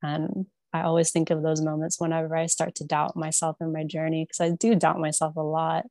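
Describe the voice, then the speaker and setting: Flat-toned woman telling stories chattily. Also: deep voice, a little fast, no room sound. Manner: chatty, many likes, excited retelling. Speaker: panelist. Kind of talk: personal storytelling on a panel.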